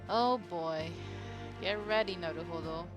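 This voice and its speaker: A woman playing a game and commenting casually, with giggly, animated reactions and game music behind. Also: fairly low pitch, a little slow. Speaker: let's play streamer.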